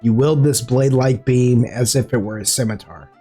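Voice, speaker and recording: A man's voice: medium pitch, normal speed, warm tone, husky, faint music behind. A man running a tabletop game as game master, narrating playfully and laughing often.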